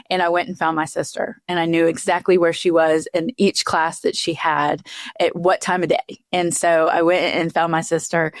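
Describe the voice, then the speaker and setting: A woman in her fifties hosting a podcast, telling a personal story in a halting, reflective way with frequent restarts. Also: lowish voice, no room sound, clean studio sound. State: tearful, voice breaking high. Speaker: podcast host.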